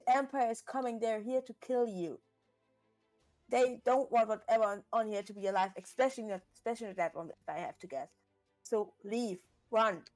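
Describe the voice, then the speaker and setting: A woman's voice: medium pitch, normal speed, a little mellow, soft background music. Blunt, urgent woman player. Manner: blunt, urgent, swears a lot. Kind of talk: in-character tabletop play.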